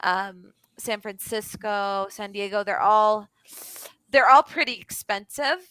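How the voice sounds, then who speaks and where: Bright chatty young woman tutor. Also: medium pitch, slow, clear, resonant tone, no echo. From Florida. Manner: chatty, many fillers and restarts. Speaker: English tutor. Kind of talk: casual online lesson chat. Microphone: video call.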